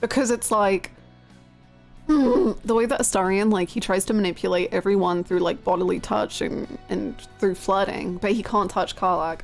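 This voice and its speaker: A woman's voice: mid-range voice, moderate pace, vocal fry, soft background music. A woman game streamer chatting casually with viewers, laughing often and swearing freely.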